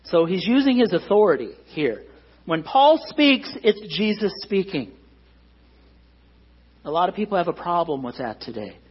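Guy preaching, kinda husky, higher voice, earnest and pushing each point, muffled lo-fi recording. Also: sing-song, normal speed. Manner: earnest, emphatic preaching with rising stresses. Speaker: pastor. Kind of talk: sermon.

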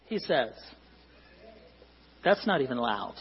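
A middle-aged pastor preaching in a church hall, conversational and joking with the congregation. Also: male voice, fairly high pitch, very animated, slow pace, long pauses, muffled recording, noisy background. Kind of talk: sermon.

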